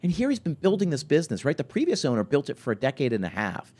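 A man in his forties with a fairly high-pitched, fast voice, a podcast host and restaurant consultant, tells stories in a conversational interview. His storytelling is animated and full of restarts and fillers.

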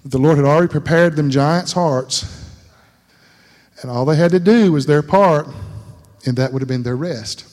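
A man's voice: on the high side, normal speed, long pauses, darkish tone, big-room sound. A man giving an informal, folksy sermon, asking the room rhetorical questions and calling listeners brother. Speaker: lay speaker at a church gathering.

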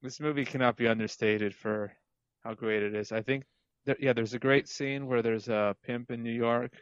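A man's voice: mid-range voice, fairly even intonation, moderate pace, clear, resonant tone, no room sound. A man co-hosting a casual chat, dropping dry, sarcastic asides. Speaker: podcast co-host. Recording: dry, dull lo-fi mic.

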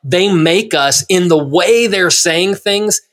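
A man co-hosting a podcast who lays out his ideas in an earnest, explanatory way. His voice is fairly high, and he moves steadily from one point to the next. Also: slow, fairly bright tone. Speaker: podcast co-host. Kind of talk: casual chat.

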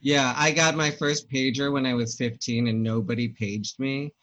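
A man's voice: medium pitch, steady tone, normal speed, fairly bright tone, muffled recording. A man in his forties chatting on a book podcast, wry and self-deprecating. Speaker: podcast co-host. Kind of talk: casual book club chat.

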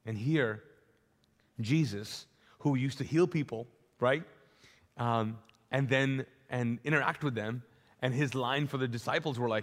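A man's voice: mid-range voice, measured pace. Man preaching in an echoing church. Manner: animated, repetitive storytelling. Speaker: pastor. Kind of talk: sermon. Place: large church auditorium. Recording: live church hall with long reverb.

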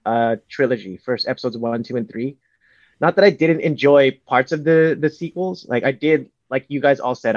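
A man co-hosting a podcast in casual chat, measured and precise, correcting details. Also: medium pitch, no echo, highs cut off. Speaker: podcast co-host.

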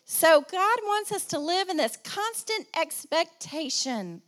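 A woman's voice: very high-pitched, sing-song, slow. A woman pastor preaching a sermon, repeating phrases for emphasis and calling for responses, with a slight cough.

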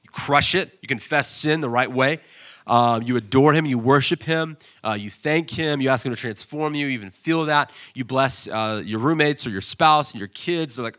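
A man delivers a sermon as pastor, his voice bright and ringing at an ordinary middle pitch. He tells everyday stories with animated energy and breaks into loud, excited bursts when acting them out. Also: fairly quick.

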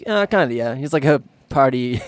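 A man's voice: medium pitch, animated, moderate pace. A man co-hosting a comedic podcast, laid-back and prone to giggling mid-sentence. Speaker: podcast co-host. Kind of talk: casual comedic chat.

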